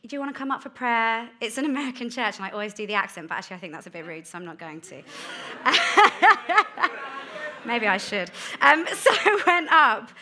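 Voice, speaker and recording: A woman giving a candid sermon about her life, told as a chatty story with quick asides. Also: a little high, big pitch swings, pushed and bright. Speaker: guest speaker. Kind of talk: testimony sermon.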